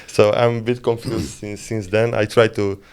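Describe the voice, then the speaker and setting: A man's voice: on the low side, normal speed, clean tone. A man, a volleyball player and podcast co-host, telling a story casually and calling his friends "man". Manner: animated storyteller, says "man".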